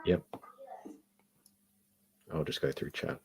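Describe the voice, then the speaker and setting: A man's voice: slow pace, darkish tone, a little hiss or hum. A man in casual chat, thoughtful and meandering, reading out viewer chat. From Australia. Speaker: podcast co-host.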